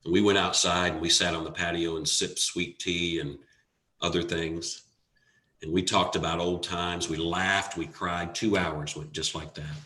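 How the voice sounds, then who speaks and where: A man giving a motivational talk, telling a personal story earnestly with dramatic pauses and rising emphasis. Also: low-pitched, level tone, pushed and bright. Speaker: motivational speaker. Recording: echoey room.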